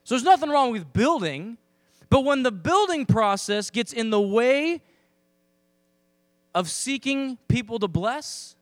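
A man preaching to his church in a high, bright-toned voice, switching into playful acted-out asides as he talks. The sound is dry and close, with no room around it. A faint mains hum runs underneath. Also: very animated, unhurried, dry recording. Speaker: pastor. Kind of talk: sermon.

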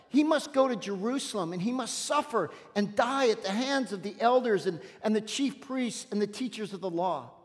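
A man preaching a sermon in an emphatic, conversational way with punchy asides, in a church sanctuary. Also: very high-pitched. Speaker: pastor. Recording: long hall reverb.

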